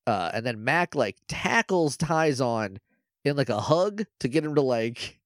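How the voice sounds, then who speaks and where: Man recapping with lively pitch. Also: no echo, clean studio sound. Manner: animated retelling full of "like" and quick impressions. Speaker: podcast co-host. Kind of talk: casual episode recap chat.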